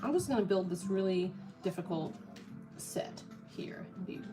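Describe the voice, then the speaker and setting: A woman's voice: mid-range voice, expressive, normal speed. A woman co-hosting a livestream, reacting to the banter in a dry, reluctant way. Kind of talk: casual livestream chat. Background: music.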